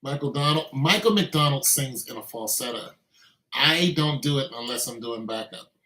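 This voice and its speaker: A man in his fifties, a singer-songwriter chatting casually between takes in a relaxed, musing way with easy fillers. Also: medium pitch, moderate pace. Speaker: singer-songwriter making beats. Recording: echoey room with faint music.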